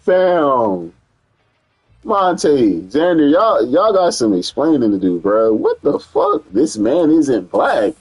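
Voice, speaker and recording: Husky, profane man streaming a game. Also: mid-range voice, takes it slowly, no echo, soft background music, rough recording. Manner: profane, animated reactions, incredulous outbursts. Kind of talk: casual gaming commentary.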